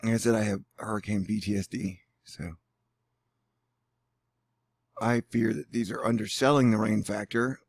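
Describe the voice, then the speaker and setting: A man's voice: lowish voice, steady tone, moderate pace, gravelly, pauses often, dry recording. A man in a casual weather vlog at home, talking in a sarcastic, rambling way. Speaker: weather vlogger. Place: indoors at home.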